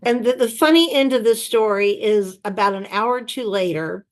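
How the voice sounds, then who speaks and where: A middle-aged woman and former chief of staff, telling lively anecdotes and acting out the people she quotes. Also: a little high, normal speed. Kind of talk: storytelling in an interview. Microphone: video call.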